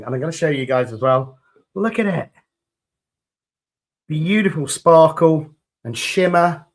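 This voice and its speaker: A man with a British accent chatting enthusiastically on a live stream while demolding resin pieces, a little croaky after hours of talking. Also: a little high. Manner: chatty and enthusiastic, greeting viewers.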